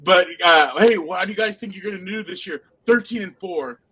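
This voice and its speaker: A man co-hosting a casual football podcast, telling animated anecdotes and laughing often. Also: sits high, a little fast, a little hiss or hum, rough recording. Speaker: podcast co-host, football reporter. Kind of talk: casual sports podcast chat.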